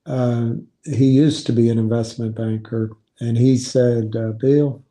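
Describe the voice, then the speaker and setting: A man's voice: medium pitch, flat delivery, unhurried, warm tone. A man giving casual, skeptical commentary on investing, thinking aloud and reading from a website.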